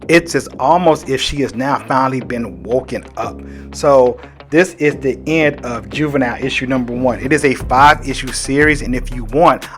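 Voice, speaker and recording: Chatty man recapping a comic. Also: medium pitch. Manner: loose and chatty, full of "like". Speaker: host. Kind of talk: casual comic book recap.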